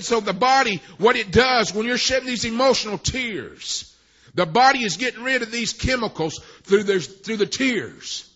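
A man preaching a sermon, dropping "amen" between phrases and swinging from quiet talk to shouting. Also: very high-pitched, lo-fi sound.

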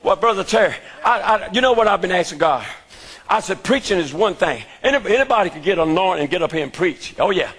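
A man preaching a sermon who shouts often and calls out to the congregation for response. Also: sits high, expressive, a little fast, breathy edge.

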